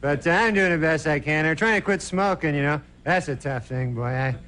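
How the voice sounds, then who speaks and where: High-pitched man rambling through stand-up. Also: brisk, a bit bright, slight background noise. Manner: rambling, loose delivery padded with "you know" and "uh". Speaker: stand-up comedian. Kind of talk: stand-up routine. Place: television studio stage.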